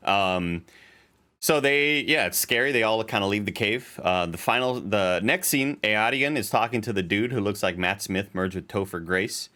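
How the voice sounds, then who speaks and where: A young man with a low, deep voice talks loosely through a show recap. He rambles and swears casually, filling gaps with ums and restarting his sentences. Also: moderate pace, sharp tone. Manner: rambling, profane, many fillers and restarts. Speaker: podcast co-host. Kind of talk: casual chat recapping a TV episode.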